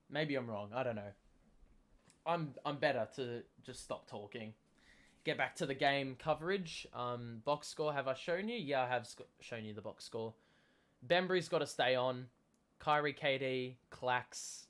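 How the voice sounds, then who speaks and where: A young man hosting a live basketball watchalong stream, chatting with viewers and calling plays, getting loud and excited on big moments. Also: medium pitch. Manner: chatty, self-deprecating. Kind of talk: live casual commentary, reading chat.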